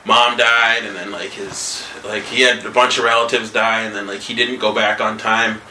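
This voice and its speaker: A man's voice: lowish voice, little pitch movement, moderate pace, bright, forceful tone, far from the mic. A man co-hosting a podcast in casual chat, rambling loosely, swearing freely and laughing often. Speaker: podcast co-host. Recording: roomy echo, a bit off-mic.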